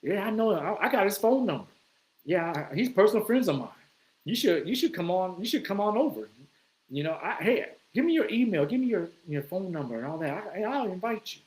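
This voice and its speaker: A man's voice: sits high, big pitch swings, brisk, darkish tone, echoey room, pitched above the performer's own voice, rough recording. A man imitating a pushy, name-dropping partygoer who boasts and acts overly friendly. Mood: boastful.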